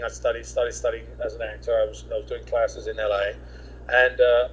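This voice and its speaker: A man's voice: mid-range voice, muffled recording, a little hiss or hum. Rambling man telling his story. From England. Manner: rambling, with many restarts and quoted dialogue. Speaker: guest. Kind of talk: casual interview storytelling.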